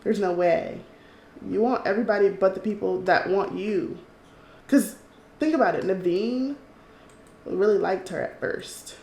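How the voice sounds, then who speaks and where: Chatty woman with a gravelly voice. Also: mid-range voice, measured pace, pauses often, roomy sound, a little hiss or hum. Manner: chatty, excitable, swears, reads game text aloud. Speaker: let's play host. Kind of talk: casual gameplay commentary.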